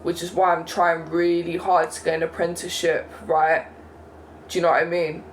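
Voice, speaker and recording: Young man, high voice, indignant vlog rant, faint background hiss. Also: completely flat delivery, moderate pace, rough recording. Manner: indignant, repeats "yeah?" and "right?". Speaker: vlogger. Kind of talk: casual monologue rant.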